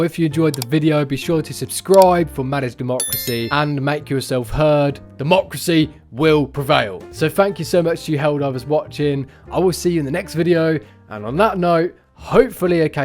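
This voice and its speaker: A man's voice: medium pitch, normal speed, darkish tone, faint music behind. A young man giving chatty gaming news commentary as a YouTuber, with playful jokey asides.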